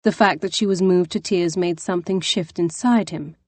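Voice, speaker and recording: A woman's voice: on the low side, a little mellow, no room sound. Woman narrating an audiobook, dry and close. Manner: measured storytelling. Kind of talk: scripted narration.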